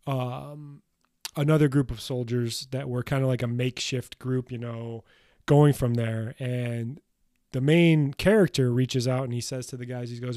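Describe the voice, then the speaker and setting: A man's voice: medium pitch, fairly even intonation, normal speed, warm tone, no echo, clean studio sound. A man hosting a solo podcast, talking bluntly and emphatically in a motivational way, with casual swearing. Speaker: podcast host.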